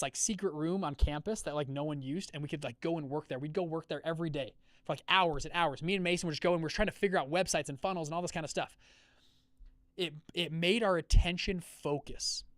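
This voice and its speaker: A man hosting a live call, telling a personal business story in a conversational way, acting out quoted dialogue with lively shifts. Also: a little high, no echo. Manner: energetic, acts out quoted dialogue with shifting voices; conversational, many fillers and check-ins. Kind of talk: storytelling talk to an audience.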